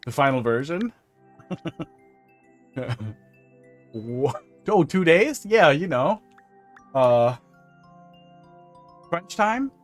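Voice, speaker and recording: A man's voice: fairly high pitch, very animated, drawn-out words, long pauses, soft background music. A man streaming a level-building game, chatting casually and joking as he plays, sometimes humming to himself. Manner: chatty, rambling, jokey, hums to himself. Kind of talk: casual live-stream commentary.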